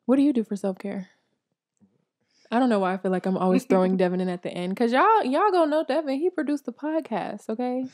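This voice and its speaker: A woman's voice: fairly high pitch, fairly quick, darkish tone. Bubbly woman podcast host. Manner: bubbly, laughing often. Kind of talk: casual chat.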